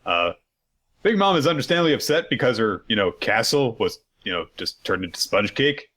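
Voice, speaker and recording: A man's voice: medium pitch, very animated, brisk, fairly bright tone. A man co-hosting a podcast, recapping in loose, rambling casual chat with lots of fillers and joking profanity. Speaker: podcast co-host.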